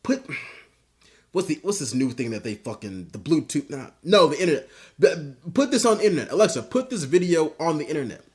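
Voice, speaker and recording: A man's voice: a little high, sing-song, a little fast, a little mellow, pitched above the performer's own voice. A man doing a cursing old man lost with technology. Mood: exasperated. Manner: cursing, exasperated.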